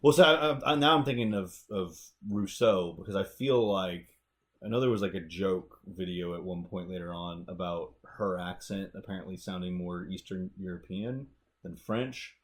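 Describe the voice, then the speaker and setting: An American man co-hosting a casual podcast, thinking aloud in animated, rambling bursts. His voice sits somewhat low and he talks in casual chat style. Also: moderate pace. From United States. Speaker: podcast co-host.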